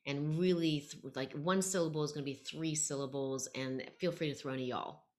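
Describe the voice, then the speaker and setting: A woman's voice: sits low, fairly even intonation, brisk. A middle-aged woman educator talking in an interview, telling stories with animation and acting out quoted voices. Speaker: guest, educator. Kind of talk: podcast interview conversation.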